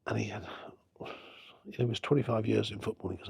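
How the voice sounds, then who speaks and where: A man's voice: on the low side, a little fast, vocal fry, breathy edge, dry recording. A middle-aged man, a football club owner telling stories in a casual interview and acting out the conversations he recalls. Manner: animated anecdote-telling, acting out quoted exchanges.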